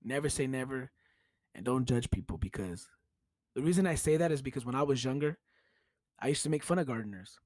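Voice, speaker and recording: A man's voice: mid-range voice, lively intonation, brisk, pauses often, a little mellow, no room sound. A young man with a Chicano English accent, hosting his own podcast and telling a story in a casual, profane way, laughing often. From United States. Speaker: podcast host.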